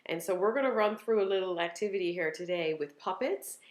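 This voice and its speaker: Woman co-host, upbeat, practical, slightly low voice, echoey room. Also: brisk. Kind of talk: informal parenting talk.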